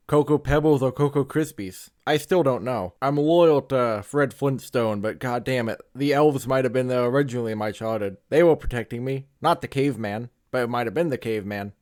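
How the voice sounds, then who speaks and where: A man's voice: medium pitch, dry recording, studio quality. Man rambling through a comic cereal ranking. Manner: absurd rambling tangents, mock-dramatic. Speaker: comedic video host. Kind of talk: comedic cereal ranking monologue.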